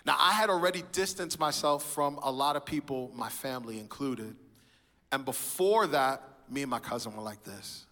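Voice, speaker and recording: A man stands in a church and gives his personal testimony in sermon style. He tells the story with animation, slipping into the voices of the people he quotes. His voice is bright and forward, and it rings with the long reverb of a large hall. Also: mid-range voice, animated, moderate pace. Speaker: speaker sharing his testimony.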